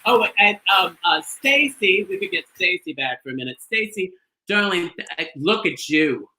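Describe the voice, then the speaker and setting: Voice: medium pitch, expressive, moderate pace, sharp tone. A bingo host on a live stream from a trailer, chatty and gushing, rambling with lots of fillers. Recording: echoey room, faint noise.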